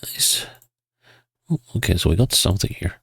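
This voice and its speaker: Low gravelly man with a stuffy nose. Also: animated, normal speed, a bit bright, dry recording, clean studio sound. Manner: thinks aloud, hesitant, chuckles. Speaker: video game player. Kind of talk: casual gameplay commentary.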